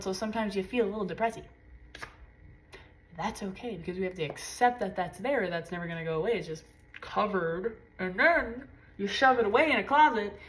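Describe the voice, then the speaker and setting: A woman giving a casual tarot reading, talking intensely and swearing freely. She drops to low murmurs and jumps to high exclaims as she gives a spiritual pep talk. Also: fairly bright tone, a little hiss or hum. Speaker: tarot reader.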